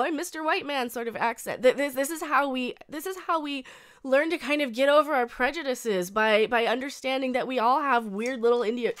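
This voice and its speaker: Her voice is high-pitched and smooth as this woman in her thirties, a reaction video host, reads a news piece aloud. She keeps interrupting it with crude, blunt tirades and frequently restarts sentences.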